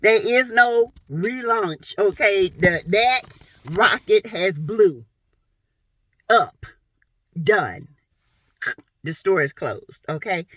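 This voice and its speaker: A woman's voice: medium pitch, lively intonation, drawn-out words, long pauses, a bit bright, no echo. A woman from South Carolina giving blunt, sassy gossip commentary on reality TV. She talks to her viewers in a playful, exclamatory way.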